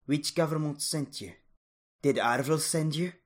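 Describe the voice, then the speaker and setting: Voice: mid-range voice, measured pace, pitched above the performer's own voice, close to an everyday voice. A storyteller voicing a wary, defiant young woman who refuses to be recruited. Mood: suspicious.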